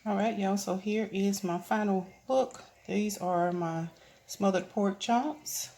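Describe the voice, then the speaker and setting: A woman's voice: mid-range voice, slow pace, dark tone. A woman giving a casual home cooking demonstration, chatting homily to her viewers in her kitchen. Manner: homey, chatty, addresses viewers as "y'all". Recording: echoey kitchen with background noise.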